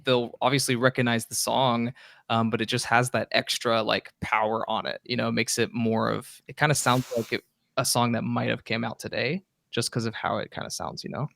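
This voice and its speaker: Guest DJ from Texas, gravelly and easygoing, dry close mic. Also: male voice, medium pitch, normal speed, no room sound. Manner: relaxed, lots of fillers like "you know". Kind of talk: casual chat.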